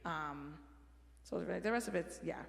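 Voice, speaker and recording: In a church sanctuary, a choir director leads rehearsal with casual, encouraging instructions on diction and dynamics. Her voice is lowish, creaky, and slow, and the recording has a roomy hall sound with music behind it.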